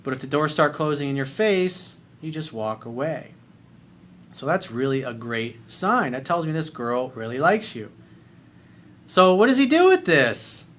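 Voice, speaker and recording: A man's voice: on the high side, sing-song, unhurried, a bit bright, a little hiss or hum. A man giving dating advice in a video coaching monologue, blunt and emphatic, swearing freely.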